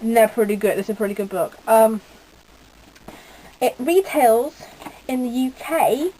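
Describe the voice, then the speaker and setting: A woman's voice: fairly high pitch, unhurried, mellow, poor audio. A teenage girl from the UK giving a rambling, gushing casual book review with lots of fillers. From United Kingdom. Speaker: book vlogger.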